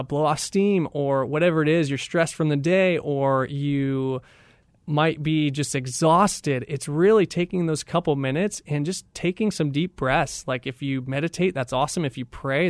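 A man's voice: a little high, normal speed, no room sound, studio quality. A young man speaking as a radio guest, giving an enthusiastic, motivational talk and acting out the voices of people in his stories. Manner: enthusiastic, animated storyteller who acts out voices. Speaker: guest, training director.

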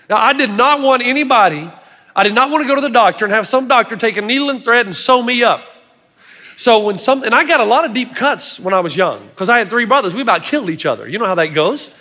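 A middle-aged man preaches a sermon in a strikingly high, bright voice. He tells stories with emphatic asides to the congregation. The sound rings with long reverb from a large hall. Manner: storytelling, emphatic with audience asides.

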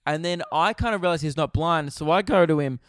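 A man's voice: fairly high pitch, brisk, fairly bright tone, clear, resonant tone, dry recording, studio quality. Laid-back Australian man telling a story. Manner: laid-back, swears freely, laughs at own story. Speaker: podcast host. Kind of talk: casual storytelling.

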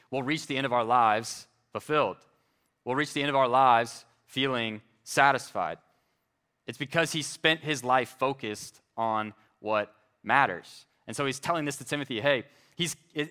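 Male pastor, sermon delivery, earnest and emphatic, bright tone. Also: clear, resonant tone. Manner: earnest preaching, slows and drops low on key phrases.

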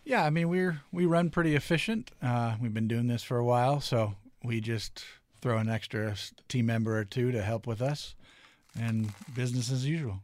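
A man's voice: medium pitch, normal speed, a little mellow. A man who co-owns a restaurant, answering interview questions in an easygoing way with many filler words. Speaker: restaurant co-owner, guest.

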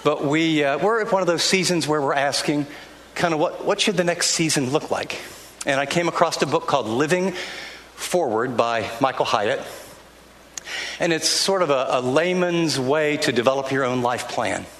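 A man's voice: a little high, normal speed, a bit bright, a little hiss or hum. An older man, a pastor, preaching a sermon in a church in an earnest, conversational way, often restarting his sentences. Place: church sanctuary. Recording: long hall reverb, faint ambience.

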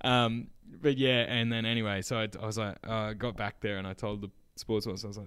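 A man's voice: on the low side, little pitch movement, fast talker, few pauses, clear, resonant tone, no room sound. A young man co-hosting a podcast, telling stories casually with swearing and laughter. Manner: laughing, swearing, acts out quoted voices loudly. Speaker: podcast co-host. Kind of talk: casual storytelling chat.

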